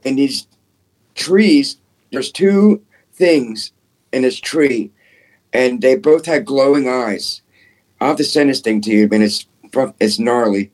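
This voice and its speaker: A man, a paranormal investigator guest, telling his encounters in an excitable, casual way, full of "dude" and "man" and some swearing. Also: medium pitch. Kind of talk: casual storytelling.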